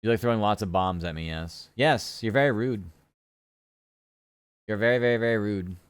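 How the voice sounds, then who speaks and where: A man's voice: fairly low pitch, moderate pace, clean tone, no room sound. A young man chatting casually on a live stream while he works, often muttering to himself.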